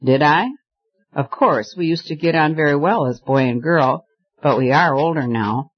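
Casting: male reader voicing a poised young woman, firm and decided, lifted pitch, slightly dull recording. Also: breathy edge. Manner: measured, firm refusals.

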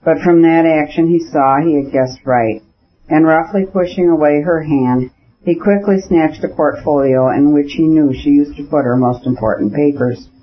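A man narrating a classic novel in measured, even storytelling. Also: a little high, slight background noise. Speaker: audiobook narrator. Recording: dull lo-fi audiobook recording.

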